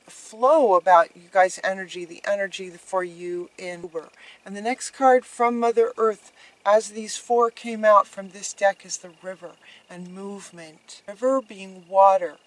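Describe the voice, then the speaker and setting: A woman doing a tarot reading, talking straight to her viewers in a soft, reassuring way. She often says her main points twice. Her voice sits at an ordinary middle pitch. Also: poor audio. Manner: gentle and encouraging, repeats key phrases. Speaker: tarot reader.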